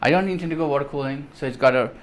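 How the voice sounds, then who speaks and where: A man's voice: on the high side, racing, a little hiss or hum. A man vlogging an unboxing of computer parts in enthusiastic, rambling casual chat, with many ums and restarts. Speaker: tech vlogger.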